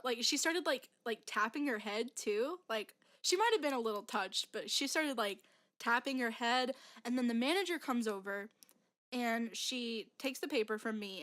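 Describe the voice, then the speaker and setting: A young woman co-hosting a casual podcast, talking in a higher voice and rambling through a story. She fills her talk with "like" and trails off into restarts. The tone stays easy and conversational. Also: a bit bright. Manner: rambling storytelling full of "like" fillers and laughs. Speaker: podcast co-host. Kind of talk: casual chat.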